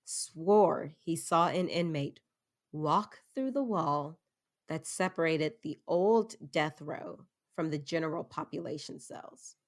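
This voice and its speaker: A young woman podcast host with a low-pitched voice takes her time telling spooky tales in a casual, self-deprecating chat, often laughing mid-sentence.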